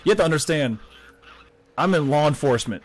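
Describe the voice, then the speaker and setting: A man's voice: fairly high pitch, animated, a little fast. A tipsy man chatting on a gaming stream, rambling, swearing and laughing often, tripping over his words. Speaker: streamer playing with his team. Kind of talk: casual gaming chat with viewers.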